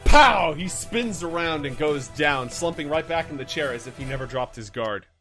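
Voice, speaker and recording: A man narrating as game master, playful and dramatic, with sudden bursts of shouting. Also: a little high, moderate pace, music in the background.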